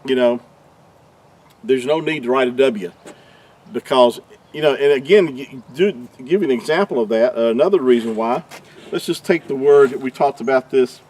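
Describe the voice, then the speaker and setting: A man's voice: mid-range voice, darkish tone. Guy explaining a religious point, stops and restarts a lot, lots of uhs, mid voice. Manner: halting, restarts mid-sentence, many fillers. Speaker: religious teacher. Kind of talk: explaining teaching talk.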